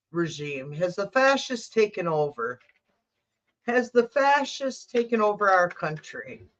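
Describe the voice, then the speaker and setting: A woman's voice: on the low side, fairly bright tone. Chatty woman tarot reader, lo-fi audio. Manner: repeats questions insistently, chatty asides to her cat. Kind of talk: live-stream tarot reading.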